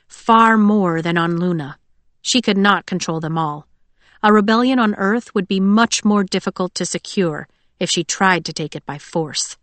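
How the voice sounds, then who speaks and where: A woman narrating a novel in a steady, even storytelling voice. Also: lowish voice, dry recording. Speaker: audiobook narrator. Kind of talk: scripted narration.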